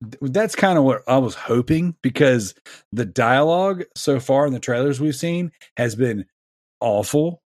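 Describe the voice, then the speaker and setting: A man's voice: medium pitch, expressive, unhurried, darkish tone, no echo, clean studio sound. A man in his thirties telling a long, exasperated story in a casual podcast chat. He rambles and restarts his sentences often. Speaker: podcast panelist.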